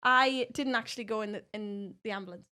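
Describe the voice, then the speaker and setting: A young woman telling a story as a podcast guest, animated, laughing often and swearing freely. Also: mid-range voice, fairly quick, clean tone. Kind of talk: casual storytelling.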